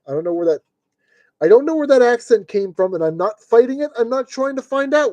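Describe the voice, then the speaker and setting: Man, high and soft-toned, chatty streamer narrating a kit build, dry room. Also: animated, a little fast, dry recording, highs cut off. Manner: chatty, talks himself through each step. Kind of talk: casual live-stream narration. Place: at a desk indoors.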